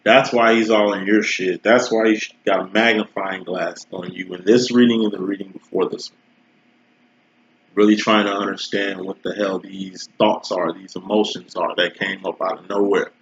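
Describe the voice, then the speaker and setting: A man with a fairly low voice reads tarot cards in a loose, slangy, swearing, conversational way. His voice sounds roomy and dull, like a lo-fi home recording. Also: little pitch movement, normal speed. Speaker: tarot reader. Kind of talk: casual tarot reading.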